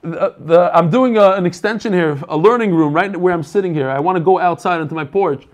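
A man's voice: sits high, brisk. A man hosting an online learning group over a video call, chatting casually, joking and greeting people by name. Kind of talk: casual chat with group members.

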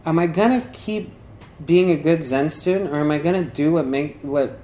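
A man's voice: a little high, moderate pace, mellow. Rambling man giving a casual spiritual talk. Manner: rambling and conversational, many fillers and restarts. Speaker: meditation and yoga teacher. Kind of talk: informal dharma talk. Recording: echoey room.

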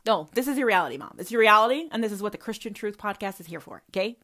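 A woman's voice: medium pitch, lively intonation, quick pace, pushed and bright. A woman hosting a personal podcast, talking straight to her mother in a profane, confrontational and emphatic way. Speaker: podcast host.

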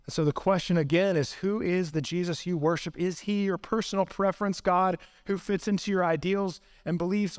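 A man's voice: high-pitched, clear, resonant tone. A man preaching a sermon as pastor, earnest and impassioned, building up through long lists.

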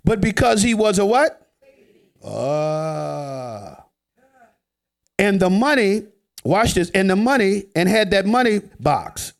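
A man preaching a sermon in a joking, conversational way, swinging from loud emphasis to hushed asides. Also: high-pitched, moderate pace.

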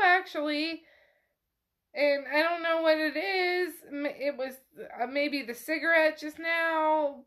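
A woman's voice: high voice, fairly bright tone. Woman doing a flustered, frightened young woman doctor.

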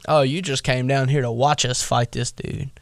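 A man's voice: mid-range voice, fairly even intonation, moderate pace, gravelly, dry recording, clean studio sound, lightly acted. A man doing a scornful big brother. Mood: mocking. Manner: mocking slangy taunts. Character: scornful older brother, young man, taunting.

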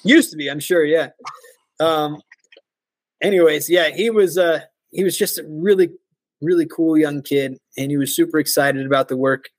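Podcast guest, American man, 40s, upbeat storyteller, quick to laugh, higher voice, dry close mic. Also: dry recording. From United States. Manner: animated, laughs often, mimics voices in his stories. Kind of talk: casual storytelling interview.

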